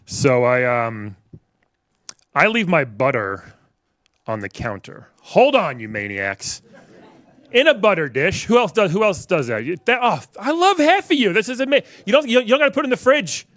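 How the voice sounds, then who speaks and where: A man in his forties from New York works through a stand-up set in a wry, conversational way. He keeps turning to the crowd to banter, and his speaking voice sits a little on the high side. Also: big pitch swings, moderate pace, fairly bright tone, dry recording. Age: 40s. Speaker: stand-up comedian. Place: comedy club stage with a live audience.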